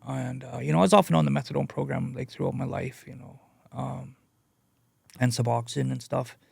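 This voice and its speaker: A man sharing his addiction recovery story as a guest speaker. He talks in a halting, earnest way and leans on "you know" a lot. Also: medium pitch, fairly even intonation, vocal fry, a little mellow, slightly rough, no room sound. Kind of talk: personal testimony, casual storytelling.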